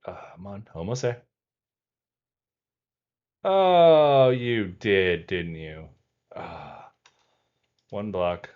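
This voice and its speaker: A man with a fairly low voice talks his way through a gameplay session in a relaxed, easygoing way. He narrates each step aloud as he works. The recording is slightly dull and lo-fi. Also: slow pace, pauses often. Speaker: gameplay video host. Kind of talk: casual let's-play commentary.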